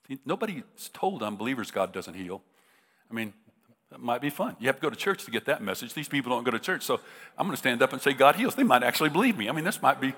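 A man's voice: mid-range voice, fairly bright tone. A man, a middle-aged preacher, tells a humorous story in a sermon, talking casually with many restarts. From United States. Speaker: visiting preacher. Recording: reverberant hall.

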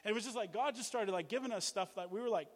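A man's voice: high-pitched, very fast. Man preaching a testimony in a reverberant hall. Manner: animated storytelling with laughs and exclamations. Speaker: missions base director.

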